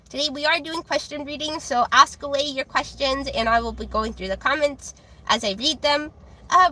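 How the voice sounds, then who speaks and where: A young woman with a high, childlike voice, chatting casually with viewers on a livestream while reading tarot. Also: bright, forceful tone. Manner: chatty, giggly, reads chat aloud.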